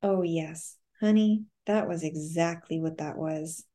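A woman's voice: low voice, unhurried, warm tone. A woman reading the part of a tender, affectionate woman who speaks soothingly and calls her partner honey.

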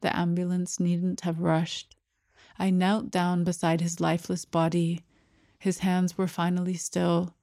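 A woman narrating a first-person story in a measured, even storytelling manner. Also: on the low side, dry recording, clean studio sound. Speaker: audiobook narrator.

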